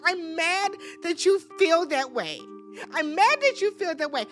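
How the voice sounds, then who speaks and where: A woman's voice: high-pitched, fairly bright tone, heavily acted. A woman acting out a furious young wife who demands apologies and sounds indignant and accusing.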